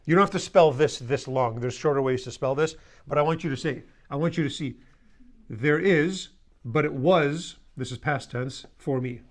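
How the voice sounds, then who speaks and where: A man's voice: a little high, moderate pace. Blunt, teasing male language teacher. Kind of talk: classroom lesson with call-and-response drills. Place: classroom.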